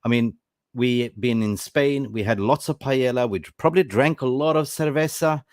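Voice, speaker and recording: A man's voice: medium pitch, normal speed, no echo, clean studio sound. A man hosting a live football show, upbeat and introducing his panel. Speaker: host.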